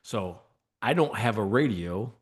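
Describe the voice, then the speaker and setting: Low-voiced male guest, animated storyteller who often laughs. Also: a little slow, breathy edge. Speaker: guest, former state trooper. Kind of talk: storytelling in a podcast interview.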